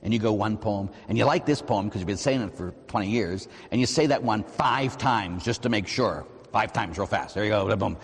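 Husky-voiced priest preaching in a reverberant church. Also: male voice, lowish voice, moderate pace, few pauses. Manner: animated preaching, soft prayerful asides and acted-out quotes. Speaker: Catholic priest. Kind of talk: sermon.

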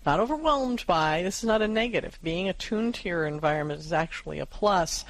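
A woman co-hosting a parenting advice show, speaking calmly and reassuringly to a parent. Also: fairly low pitch, fairly quick, poor audio.

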